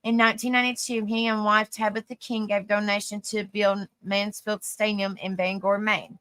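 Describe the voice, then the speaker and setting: A woman's voice: mid-range voice, level tone, moderate pace, a bit bright, clear, resonant tone, no room sound. A woman with a Southern US accent reading facts aloud on a livestream, stumbling over hard words and chatting with viewers. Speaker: host.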